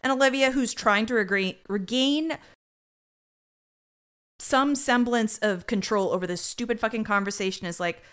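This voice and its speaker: A woman's voice: on the high side, a bit bright, clear, resonant tone. A woman co-hosting a podcast, recapping an episode in a sarcastic, sweary way and briefly acting out the characters. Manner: sweary, sarcastic, acts out characters in quick voices. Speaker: podcast co-host. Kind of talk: casual comedic recap.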